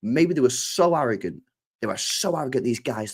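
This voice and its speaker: A man's voice: medium pitch, moderate pace, breathy edge. A man hosting a live football stream, swearing freely and acting out imagined conversations. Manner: swears freely, animated, acts out imagined dialogue. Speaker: football channel host.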